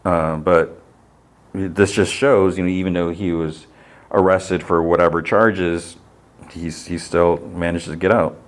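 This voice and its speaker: Male podcast host, deep voice, casual rambling recap. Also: steady tone, measured pace. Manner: rambling, lots of "like" fillers.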